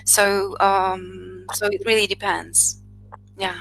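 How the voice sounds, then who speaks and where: A woman's voice: mid-range voice, level tone, takes it slowly, vocal fry, fairly bright tone, soft background music, low-quality recording. A woman in her thirties with a Polish accent hosting an interview, talking hesitantly with frequent fillers over a video call. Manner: hesitant, many "uh" and "you know". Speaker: interview host, psychologist. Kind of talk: casual conversation.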